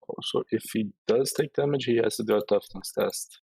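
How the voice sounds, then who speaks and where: A man with a low, husky voice plays a tabletop game on a voice call. He talks in a lively, swinging way, asks rules questions and laughs easily, and his mic sounds dry and close. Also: normal speed, no room sound, rough recording. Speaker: player. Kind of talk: casual chat at a tabletop game.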